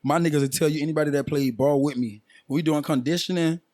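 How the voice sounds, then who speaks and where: A young man, a guest musician on a casual podcast, tells long, loose stories and keeps checking in with his listeners. His voice sits a touch high for a man and sounds dry and close, with no room around it. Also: fast, a little mellow, dry recording. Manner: laid-back slang-heavy storytelling, frequent "you feel me".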